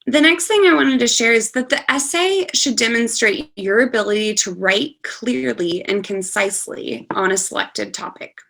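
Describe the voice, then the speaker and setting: A woman's voice: on the high side, moderate pace, vocal fry, few pauses, fairly bright tone. A woman teaching an online class on scholarship essay writing, speaking patiently and reading a student's essay aloud over a video call. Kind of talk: online lecture.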